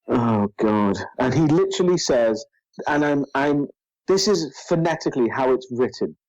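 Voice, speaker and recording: A man's voice: mid-range voice, expressive, moderate pace, a little mellow, no room sound, highs cut off. A man co-hosting a podcast, chatting casually and reacting with wry exasperation. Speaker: podcast co-host.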